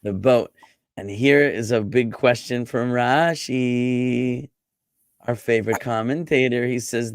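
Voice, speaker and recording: A rabbi teaching a Hebrew class over a video call, lively and chatty, joking with his students. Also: mid-range voice, takes it slowly, dry recording, clean studio sound. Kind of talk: online class lecture.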